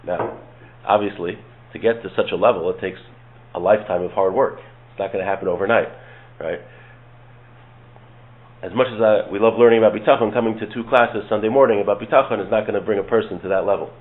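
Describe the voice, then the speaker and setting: A man teaching a Torah study class, speaking calmly and explaining step by step, reading Hebrew verses and translating them. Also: fairly low pitch, fast, pauses often. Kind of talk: relaxed study-class lecture. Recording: tinny phone-like lo-fi audio.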